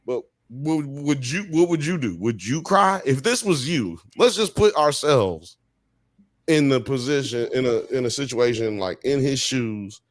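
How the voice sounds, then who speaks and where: Slangy, animated man on a dry mic. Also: medium pitch, unhurried, no echo. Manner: animated, slangy, asks rhetorical questions. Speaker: podcast co-host. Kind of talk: casual chat on a live stream.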